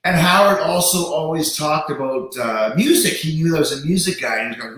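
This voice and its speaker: A man's voice: on the high side, expressive, fast talker, few pauses, fairly bright tone. A man hosting a show, talking in a casual, emphatic monologue with some swearing and repeated words. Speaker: show host. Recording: very echoey room.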